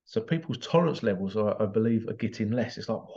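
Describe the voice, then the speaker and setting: A man's voice: lowish voice, animated, fast talker, creaky, a little mellow, highs cut off. An Englishman hosting a podcast in a casual solo monologue, rambling and digressive with frequent chuckles. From England. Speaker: podcast host.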